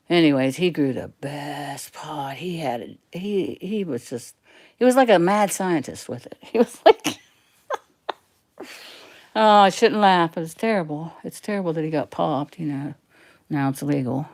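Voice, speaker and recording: A woman's voice: low-pitched, a little mellow. A middle-aged woman rambling casually through old family photos, laughing often as she tells stories. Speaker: livestream host.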